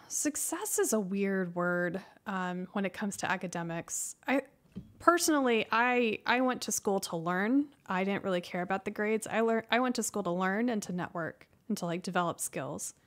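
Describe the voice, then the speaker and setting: A woman in her thirties who answers livestream chat questions in a casual, soft-spoken way, hesitating and restarting often. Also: medium pitch, animated, moderate pace.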